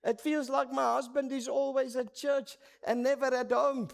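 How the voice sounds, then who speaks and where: A man's voice: very high-pitched, little pitch movement, normal speed, vocal fry, voice pushed up. A man with a Namibian accent voicing his tearful, worn-out wife as she pleads in a raised voice. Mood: tearful pleading.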